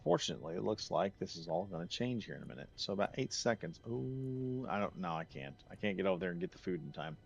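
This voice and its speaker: Male game streamer, deep and gravelly, loose chatty commentary, slightly muffled home mic. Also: big pitch swings, quick pace, hardly any pauses, slight background noise. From United States. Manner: rambling, chatty, laughs easily. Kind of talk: casual gameplay commentary.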